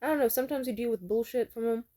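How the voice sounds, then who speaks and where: A woman's voice: on the high side, rapid-fire, warm tone. A young woman telling candid stories in a vlog, frank and profane, and she slips into mocking voices to quote people. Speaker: vlogger. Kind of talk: candid storytelling monologue.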